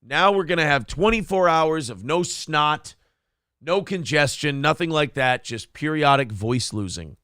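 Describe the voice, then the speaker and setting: A man's voice: a little high, lively intonation, a little slow, sharp tone, clean tone, no room sound, studio quality. A man hosting a casual live-stream morning show, rambling jokily and reading viewer comments aloud. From Minnesota. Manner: rambling, jokey, reads chat comments aloud. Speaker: show host.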